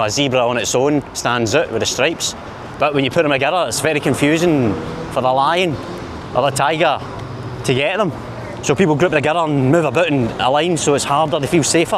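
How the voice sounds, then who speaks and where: A man with a Glaswegian accent walks a busy city street filming a vlog, rambling cheerfully and making fun of himself via the camera mic. His pitch is medium, and a little hiss or hum is audible.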